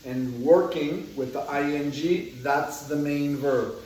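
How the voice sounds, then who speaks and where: A man teaching an English grammar lesson, explaining slowly and patiently with repeated examples. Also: a little high, fairly even intonation, darkish tone. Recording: echoey room, far from the mic.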